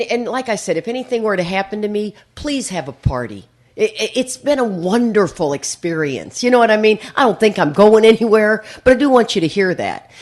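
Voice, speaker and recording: An older woman sharing her story at a recovery meeting, chatty and rambling, often repeating words as she starts a sentence. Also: on the low side. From USA. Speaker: AA speaker.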